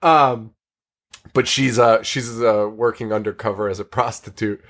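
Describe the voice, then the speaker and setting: A man's voice: on the low side, steady tone, a little slow, a bit bright. A man hosting a podcast, recapping a horror film in casual chat, rambling, swearing and laughing often. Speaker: podcast host.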